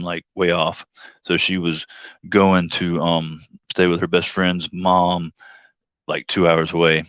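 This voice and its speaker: A man's voice: low voice, fairly bright tone, dry recording, highs cut off. A man telling a rideshare story on his livestream in a rambling, joking way, acting out the voices of the people he quotes. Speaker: livestream host and rideshare driver.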